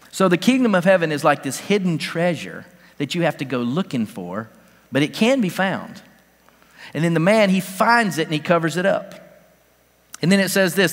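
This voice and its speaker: Man, pastor, conversational sermon, emphatic rising bursts, fairly high voice, long church reverb. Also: animated, moderate pace. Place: church sanctuary.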